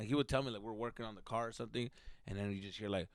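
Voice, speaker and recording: A man hosting a comedy podcast, ranting heatedly with constant swearing, swinging between loud outbursts and mutters. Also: lowish voice, fairly even intonation, very fast, no echo, studio quality. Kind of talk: profane comedic rant.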